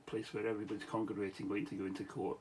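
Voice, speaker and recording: Casting note: tired, middle-aged Scottish man, lowish voice, rambling anecdote with restarts and chuckles, faint hiss behind. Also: level tone, racing, darkish tone, rough recording. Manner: meandering, many restarts and asides, chuckles. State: tired, late at night. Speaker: vlogger, former police officer. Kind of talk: rambling late-night storytelling.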